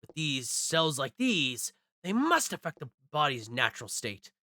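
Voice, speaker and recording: A man's voice: a little high, very animated, a little slow, bright, forceful tone, no room sound, heavily acted. A man voicing an arrogant middle-aged male professor who interrogates people with scorn. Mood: scornful. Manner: haughty, interrogating.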